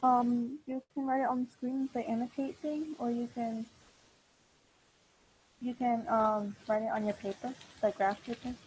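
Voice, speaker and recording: A woman's voice: on the high side, steady tone, normal speed, darkish tone, a little hiss or hum, rough recording. A woman teaching a language class online over a video call, patient and encouraging, with many fillers. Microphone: computer mic on a video call.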